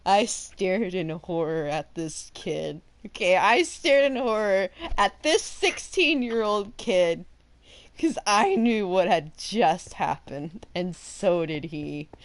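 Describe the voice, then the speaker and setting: A woman who works as a substitute teacher, telling a story in a casual, animated way and laughing through it. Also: fairly low pitch, slow pace, no room sound.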